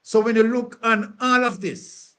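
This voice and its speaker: A man's voice: extremely high pitch, a little slow, sharp tone. A man, hosting a live-stream commentary. He talks emphatically, with many "um" fillers, and speaks to his co-host and the chat.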